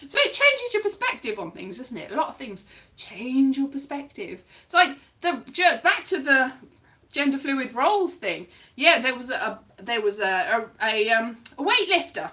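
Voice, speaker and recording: Brief: young woman, high and bright, chatty, digressive, self-mocking solo talker. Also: big pitch swings, moderate pace. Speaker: solo show performer. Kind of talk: rambling casual monologue. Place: her bedroom at home.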